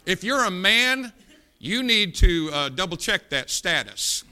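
Preaching in a church auditorium, a middle-aged man gives a fiery, blunt, scolding sermon with big pitch swings, moving from shouts to quiet asides. He speaks unhurriedly, and the tone is clean.

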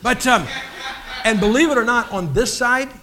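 A man's voice: very high-pitched, moderate pace, crowd noise. A man giving a personal testimony as a guest preacher, telling his story in an earnest, folksy way with frequent restarts.

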